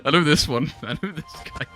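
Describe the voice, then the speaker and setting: A man's voice: on the high side, pushed and bright. A young man streaming live, chatting incredulously, swearing freely and laughing often. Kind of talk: live-stream reaction chat.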